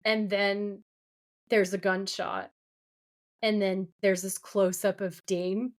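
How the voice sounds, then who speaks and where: A woman talks through a TV episode with her co-host in easy, filler-heavy chat. Her pitch sits in the middle of the range. She jumps between retelling scenes and her own opinions. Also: little pitch movement, slow. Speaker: podcast co-host. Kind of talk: casual recap chat.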